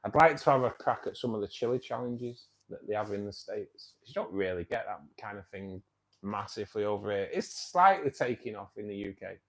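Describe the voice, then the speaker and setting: A man's voice: on the low side, expressive, fairly quick, fairly bright tone. A man, hosting a casual live-stream chat about his hobby, rambling with lots of fillers and restarts. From England. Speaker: fishkeeping club host.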